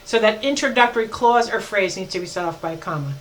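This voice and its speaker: A woman professor giving a recorded grammar lecture, emphatic, slowing down to spell out examples and correcting herself as she goes. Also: medium pitch, expressive, a little hiss or hum, low-quality recording. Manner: self-correcting, with fillers.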